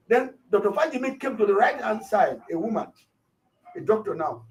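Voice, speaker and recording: A man, a pastor, retelling a shooting and acting out the shouts of the people around him. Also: very high-pitched, fairly quick, far from the mic. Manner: animated, acts out shouts of others. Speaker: pastor, interview guest.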